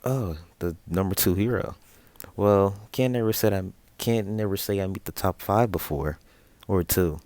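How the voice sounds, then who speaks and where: A man's voice: sits low, moderate pace, a little mellow, no room sound, natural voice. A young man voicing a shy, friendly young woman sidekick in a fan story, speaking hesitantly and politely.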